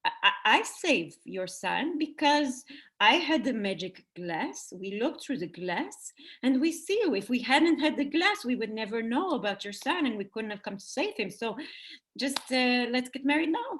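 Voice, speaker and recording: A woman's voice: fairly high pitch, big pitch swings, normal speed, a bit bright. A woman voicing the oldest of three sisters in a children's story, eagerly claiming credit.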